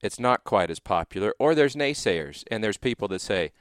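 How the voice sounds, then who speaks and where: A man hosting an interview, asking questions gently and attentively with brief acknowledgements. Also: lowish voice, expressive, moderate pace, dry recording, clean studio sound. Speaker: interview host.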